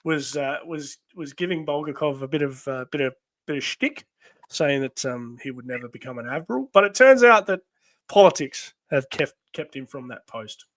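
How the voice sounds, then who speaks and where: A man hosts a casual live stream, reading a comic aloud between chatty asides. He hesitates often and fills gaps with "um" and "uh". His voice sits a little high. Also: animated, normal speed, fairly bright tone. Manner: chatty, hesitant with many fillers. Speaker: host.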